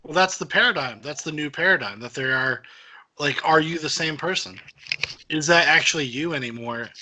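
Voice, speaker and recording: A man's voice: a little high, normal speed, pushed and bright. A young man co-hosting a casual podcast chat, rambling with many fillers as he thinks aloud. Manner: rambling, filler-heavy musing. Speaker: podcast co-host.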